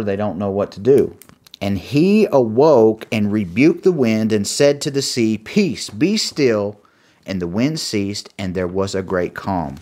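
A man's voice: lowish voice, mellow. Man preaching an earnest sermon. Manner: earnest, reads scripture aloud with pauses while finding pages.

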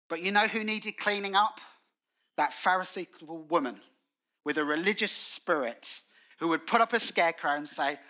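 A man preaching a lively sermon in church, telling stories with acted-out quotes and colloquial British phrasing. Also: sits high, moderate pace. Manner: animated storytelling with acted quotes. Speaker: guest preacher.

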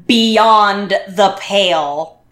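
A woman's voice: medium pitch, drawn-out words, crowd noise. A woman guest on a podcast, telling a story in casual chat and acting out what people said. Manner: animated, acts out what people said. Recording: roomy echo.

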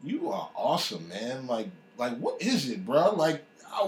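A man's voice: mid-range voice, huge pitch swings, a little slow. A man casually telling a personal faith story. He talks with animation and acts out the voices of people he quotes. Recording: echoey room.

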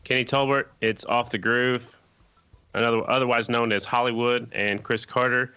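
A man co-hosting a casual podcast chat, telling animated stories. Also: medium pitch, normal speed, clear, resonant tone, muffled recording. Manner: animated anecdote teller. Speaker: podcast co-host.

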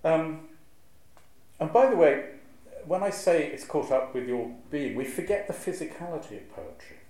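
A man, a clergyman, giving a lively, wry lecture to a live audience and reciting verse with a strong rhythm. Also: fairly high pitch, normal speed. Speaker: clergyman giving a talk on preaching. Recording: very echoey hall, faint ambience.

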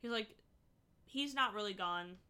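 Bright-voiced young woman, chatty. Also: mid-range voice, a little slow, smooth. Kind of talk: casual fan chat.

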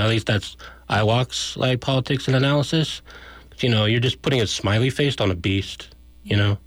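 Blunt man with a lowish voice. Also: no room sound. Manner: blunt, argumentative, casual phrasing. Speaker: prison abolition activist, radio guest. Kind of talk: political analysis on a radio talk show.

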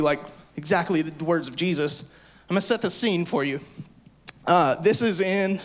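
Casual, animated youth preacher man. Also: on the high side. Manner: casual, animated, full of "like" and acted-out voices. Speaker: youth pastor. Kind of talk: youth sermon.

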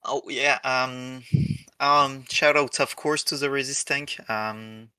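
Slow, hesitant French man. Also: medium pitch, fairly even intonation, sharp tone, clear, resonant tone, dry recording. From France. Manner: hesitant, many fillers, laughs often. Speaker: guest. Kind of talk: casual podcast chat.

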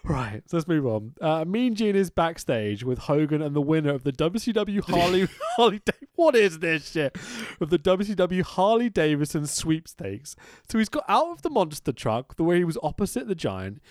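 A man's voice: fairly high pitch, big pitch swings, normal speed, no room sound, clean studio sound. A man co-hosting a casual chat, swearing freely and laughing often as he mocks what he describes. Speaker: podcast co-host.

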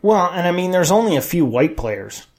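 A man's voice: high voice, very animated, moderate pace. A man co-hosting a talk show, chatting casually with wry, skeptical sarcasm. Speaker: co-host.

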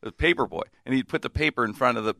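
Chatting casually, a man tells a funny anecdote, acting out the people in it and laughing often. His mid-range voice races along, recorded dry with studio quality.

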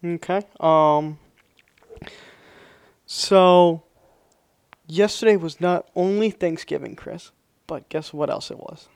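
A man's voice: a little high, takes it slowly, vocal fry, long pauses, clean tone. A young man co-hosting a podcast, chatting casually and rambling with lots of hedges and fillers. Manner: rambling, hedging, with many fillers. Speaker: podcast co-host. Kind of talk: casual chat.

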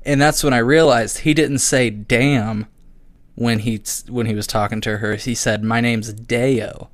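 A man hosting a podcast in casual chat, telling a story with animated swearing and acted-out quotes. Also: mid-range voice, measured pace, dry recording. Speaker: podcast host.

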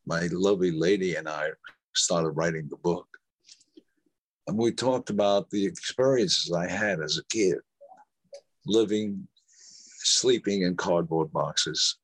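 A man's voice: low voice, slow pace, pauses often, no echo. Een oudere man met een heel lage, hese stem vertelt anekdotes als gast in een interview. Hij valt zichzelf vaak in de rede en citeert anderen. Het geluid is droog en dichtbij. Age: older. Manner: rambling, with restarts and quoted dialogue. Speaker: actor guest. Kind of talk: anecdotal interview storytelling.

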